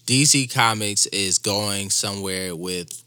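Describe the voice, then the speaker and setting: Low-voiced young man, dry close sound. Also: slow pace, pushed and bright, clear, resonant tone, dry recording. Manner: explains the topic plainly, teasing. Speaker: podcast co-host. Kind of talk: casual podcast chat.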